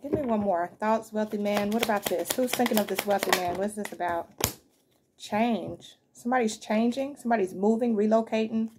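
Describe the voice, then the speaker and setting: A woman's voice: mid-range voice, brisk, noisy background. A woman giving a casual, chatty tarot reading, thinking aloud as she turns cards, with easy laughs and the odd swear word. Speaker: tarot reader.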